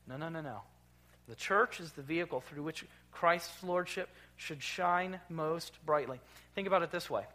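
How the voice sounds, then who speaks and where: A man preaching a sermon as pastor, emphatic, dropping low and then rising loud. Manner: emphatic, swings from quiet to loud. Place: church sanctuary.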